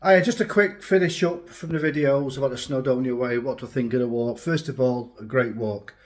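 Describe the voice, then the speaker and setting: A tired hiking vlogger talks casually to an action camera he holds while walking an outdoor route, chatty, rambling and blunt. His medium-pitched voice moves a little fast, with no echo.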